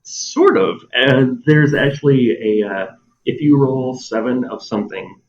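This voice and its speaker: A man's voice: mid-range voice, unhurried, muffled recording. A man, a game designer guest in a casual interview, who laughs often and acts out players' lines as he talks.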